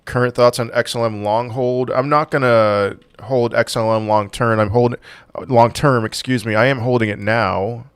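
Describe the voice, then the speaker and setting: A man's voice: mid-range voice, steady tone, moderate pace, clean tone, dry recording. A man hosting a casual crypto livestream, reading out viewer questions and answering with offhand, dry sarcasm.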